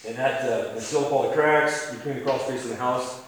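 Male preacher, conversational storytelling, mid-pitched voice, faint hiss. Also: fairly even intonation, brisk. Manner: conversational, chuckling, many restarts. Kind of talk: storytelling sermon. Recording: echoey room, distant mic, faint hiss.

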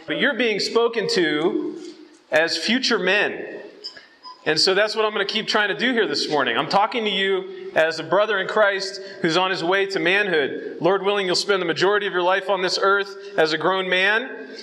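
Male youth preacher, high bright voice, easygoing and chatty, a bit winded. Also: moderate pace, a little hiss or hum, poor audio. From Southern California. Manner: casual and conversational, with fillers and audience check-ins. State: out of breath from altitude. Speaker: conference speaker. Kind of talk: youth conference sermon.

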